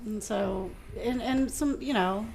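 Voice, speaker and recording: Woman, middle-aged, gymnastics coach and musician, hesitant, reflective, casual chat, middle pitch. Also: slow pace, creaky, darkish tone, a little hiss or hum. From Ohio, USA. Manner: reflective, hesitant with many fillers.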